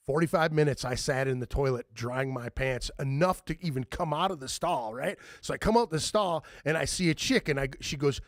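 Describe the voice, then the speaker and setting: A man's voice: mid-range voice, fairly quick, few pauses, no room sound, clean studio sound. A man telling a rambling story on a podcast, swearing freely and acting out the voices of people he quotes. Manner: profane, animated, acts out quoted voices. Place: podcast studio.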